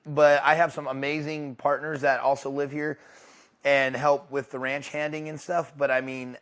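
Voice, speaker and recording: A young adult man, an interview guest, speaking candidly and haltingly, with many restarts. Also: mid-range voice, level tone, fairly bright tone. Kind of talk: casual interview talk. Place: ranch home.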